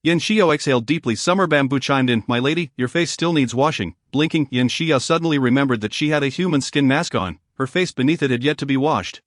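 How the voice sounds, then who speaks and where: A man narrating a story recap in a smooth, even reading without pauses or slips. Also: medium pitch, no echo, clean studio sound.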